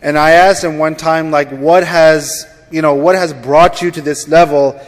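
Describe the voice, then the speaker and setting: A man serving as imam leads the recitation, then speaks warmly to the congregation with pauses and fillers. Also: fairly high pitch, fairly even intonation. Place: large mosque hall. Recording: long hall reverb.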